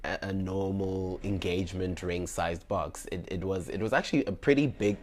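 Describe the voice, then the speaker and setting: Young adult male, lower register, dramatic personal storyteller. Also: moderate pace. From South Africa. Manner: animated and dramatic, acting out his own dialogue.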